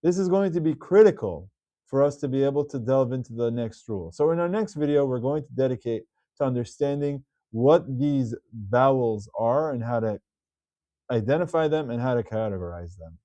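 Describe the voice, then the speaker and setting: A man teaching Hebrew reading rules in a patient video lesson, repeating key words slowly. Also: medium pitch, expressive, mellow, no room sound, highs cut off.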